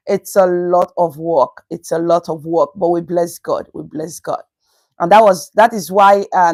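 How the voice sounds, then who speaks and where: A woman's voice: lowish voice, poor audio. A woman with a Nigerian accent hosts a casual livestream from home. She chats easily, greeting her viewers by name. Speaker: livestream host.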